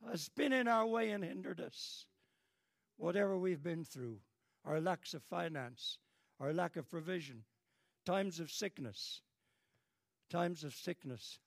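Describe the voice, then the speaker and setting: Slow, high-voiced older British preacher. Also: male voice, expressive, gravelly, no echo, studio quality. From Britain. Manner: fervent, repetitive, dramatic rises in pitch and volume. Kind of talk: sermon.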